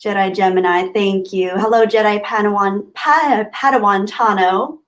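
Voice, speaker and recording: A woman's voice: mid-range voice, normal speed. A woman hosting a live stream, chatting casually and greeting viewers from the chat with gushing, friendly thanks. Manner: warm, gushing, chatty with frequent laughs. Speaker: livestream host. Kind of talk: casual livestream chat reading.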